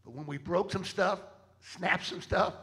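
A man with a high, gravelly voice preaches a sermon to a church congregation. He tells stories dramatically and keeps rallying the crowd with call-outs for an answer. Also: unhurried, fairly bright tone. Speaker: travelling preacher. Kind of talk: sermon with storytelling and fundraising appeal. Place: church service.

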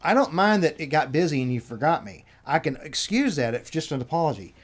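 A man's voice: on the high side, fairly quick. Annoyed man telling a bad-service story. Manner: animated retelling, acts out quotes. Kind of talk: casual chat, telling an anecdote.

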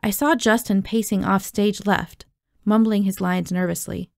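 Woman, audiobook reader, expressive first-person narration, gravelly, dry close sound. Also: mid-range voice, normal speed, dry recording. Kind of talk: reading a novel aloud.

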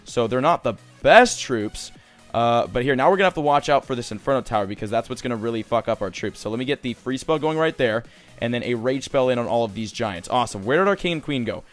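A young man giving casual, excitable commentary over his own gameplay, swearing and growing frustrated as things go wrong. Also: mid-range voice, quick pace, no room sound, soft background music. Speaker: gaming commentator.

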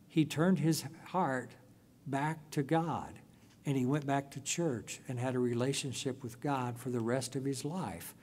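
A man preaching a sermon as a pastor, telling a story in a deliberate way with drawn-out phrases. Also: medium pitch, a little mellow.

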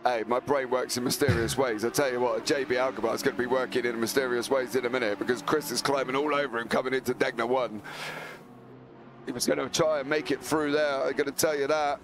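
A hoarse man co-commentating a live sim race, rambling into jokey comic tangents with a croaky voice. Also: mid-range voice, steady tone, fast.

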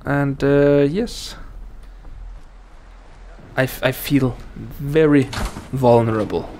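A man's voice: mid-range voice, slow pace, a little mellow, a little hiss or hum. A man casually commenting on his gameplay, rambling and talking to himself with lots of fillers and restarts. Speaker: gaming YouTuber. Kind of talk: casual let's play commentary.

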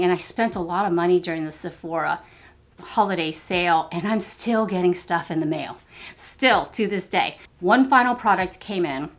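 A woman's voice: lowish voice, normal speed. An older woman chatting casually while doing her makeup, self-deprecating and gushing over new products, filmed in her home basement. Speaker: beauty vlogger. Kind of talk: casual get-ready-with-me chat.

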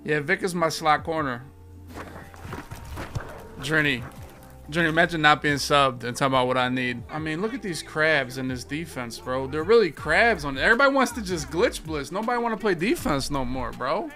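A man's voice: on the high side, expressive, moderate pace, pushed and bright, faint music behind. A young man giving live, trash-talking commentary on his football video game, full of slang and sudden outbursts. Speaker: gaming streamer.

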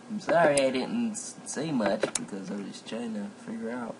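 A man casually commentating a game as he plays, excitable and quick to yelp and exclaim at what happens. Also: medium pitch, creaky. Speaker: gameplay commentator. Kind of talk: casual let's-play commentary. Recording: noisy home mic recording.

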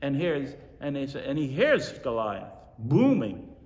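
A male pastor preaching a sermon, telling stories with animated energy and repeating lines for emphasis. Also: medium pitch, a little slow. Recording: echoey hall from far off.

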